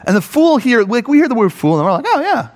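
A man preaching a conversational sermon, animated and full of fillers, often checking in with "right?". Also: very high-pitched, fast talker. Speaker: pastor. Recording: long hall reverb.

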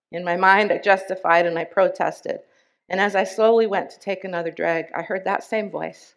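A woman speaking at a church service, reading a member's testimony aloud in an earnest, deliberate way with emphatic pauses. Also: on the low side, steady tone.

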